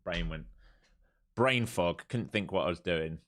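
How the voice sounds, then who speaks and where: A man's voice: deep voice, measured pace, a bit bright. A man hosting a live trading stream, giving jokey, repetitive commentary and urging his viewers on. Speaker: live stream host and trader.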